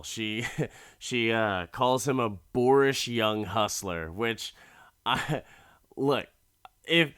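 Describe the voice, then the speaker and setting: A man's voice: lowish voice, a bit bright, smooth, dry recording. A man hosting a podcast, recapping an episode in a profane, joking, rambling way from his studio mic. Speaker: podcast host. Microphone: studio mic with headphones.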